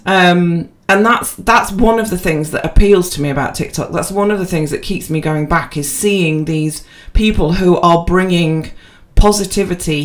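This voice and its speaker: Casual rambling co-host, filler-heavy, unpolished podcast chat. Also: mid-range voice. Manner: rambling, self-deprecating, with many fillers and restarts.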